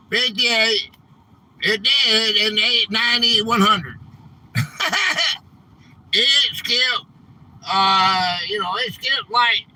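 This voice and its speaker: High, bright man on a live stream. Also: low-quality recording. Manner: rambling, easily frustrated, says "man" often. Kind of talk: casual live stream chat.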